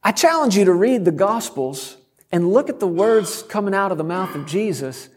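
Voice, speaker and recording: Middle-aged guy preaching a sermon, high voice, punchy and funny at times. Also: a little mellow, breathy edge. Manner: bold, emphatic, humorous preaching. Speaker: guest preacher.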